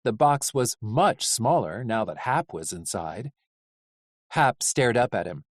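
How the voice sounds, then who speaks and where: An audiobook reader giving measured, animated narration of a story. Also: medium pitch, dry recording, clean studio sound. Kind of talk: scripted narration.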